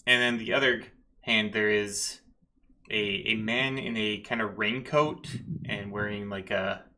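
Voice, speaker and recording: A man's voice: fairly low pitch, fairly even intonation, unhurried, sharp tone. A man narrating as game master of a tabletop game, with loose narration full of fillers.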